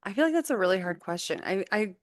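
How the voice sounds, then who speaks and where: A woman's voice: mid-range voice, expressive, fast talker, dry recording, clean studio sound. A woman in her thirties, a teacher and mother, musing at length in a casual podcast chat, with many fillers. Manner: reflective, rambling with many fillers.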